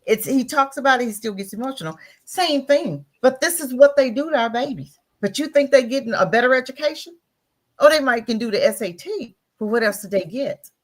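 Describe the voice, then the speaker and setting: A woman hosting a talk radio show delivers commentary in a slightly high voice. She is emphatic and preachy, and she repeats lines for effect. She keeps asking rhetorical questions to drive her point. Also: lively intonation, fairly quick.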